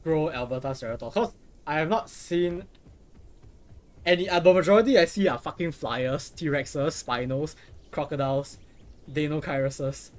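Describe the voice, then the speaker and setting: A man's voice: on the high side, moderate pace. A young man streaming a game, chatting casually in a rambling, profane way with lots of restarts. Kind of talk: casual live gameplay commentary.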